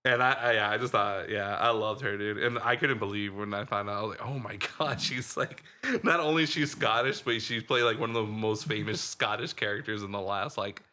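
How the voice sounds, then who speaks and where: Lowish and sharp-toned, this co-host's voice moves a little fast with few pauses. He reviews a film in relaxed, rambling podcast chat packed with fillers like "like" and "dude."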